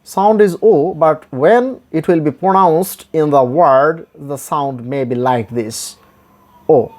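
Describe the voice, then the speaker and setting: A man teaching English vowel sounds, repeating each example word slowly and deliberately in stressed drills. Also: fairly high pitch, darkish tone. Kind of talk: pronunciation lesson.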